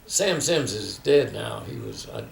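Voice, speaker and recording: A man's voice: mid-range voice, animated, unhurried, vocal fry, distant mic. An older man telling stories in a reflective oral history interview, often quoting others. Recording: echoey room, faint background noise.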